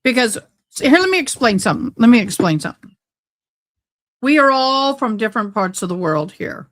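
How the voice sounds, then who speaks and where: A YouTube livestream host talks in agitated, ranting bursts during a casual stream from a home room with sunlight coming through the window. Her voice is on the high side, very animated and a bit bright, at a moderate pace. A desk mic sits close by.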